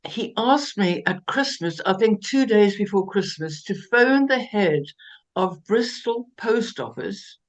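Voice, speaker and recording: An older woman from South Africa, a guest telling lively, self-mocking stories with laughs and many restarts. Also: mid-range voice, low-quality recording. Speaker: interview guest. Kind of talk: anecdotal storytelling interview.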